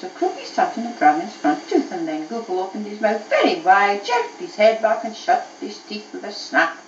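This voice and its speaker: A woman's voice: medium pitch, very animated, normal speed, reverberant, dull audio, slight background noise. A mother reading a bedtime story to her child aloud, telling it expressively, recorded on an old cassette tape.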